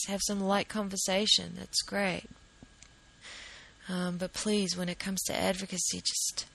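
A woman's voice: mid-range voice, creaky, low-quality recording. A woman advocate speaking earnestly and urgently about justice, often restarting her sentences. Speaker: vegan advocate. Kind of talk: impassioned talk to camera.

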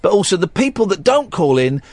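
A man's voice: sits high, very animated, brisk, a little mellow, dry recording. A man hosting a late-night radio phone-in from a studio, chatty and mock-stern, rambling between callers.

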